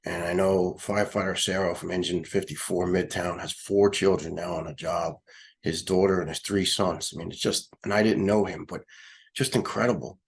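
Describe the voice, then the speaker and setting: A middle-aged man with a New York accent, a retired fire lieutenant telling a personal story in an interview, halting and emotional with many restarts. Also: low-pitched, fairly even intonation. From United States.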